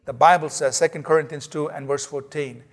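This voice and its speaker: A man with a high voice preaches a sermon, hammering his points with repeated phrases and sometimes dropping to a near-quiet close. His voice rings through a hall with a long reverb tail. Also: fairly even intonation, fairly quick. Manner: emphatic, repetitive preaching with rising urgency and soft, low closing lines. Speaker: pastor.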